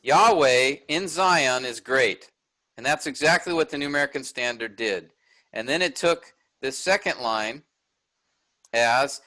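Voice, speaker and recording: A man's voice: mid-range voice, a bit bright. A middle-aged man teaching a class, explaining step by step and often checking in with "all right?". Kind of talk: recorded lecture with screen sharing.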